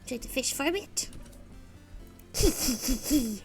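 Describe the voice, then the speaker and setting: A woman's voice: high voice, expressive, a little slow, soft background music. A woman voicing a playful young villager kid who giggles and talks in a sing-song way while reading game dialogue. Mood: giggly.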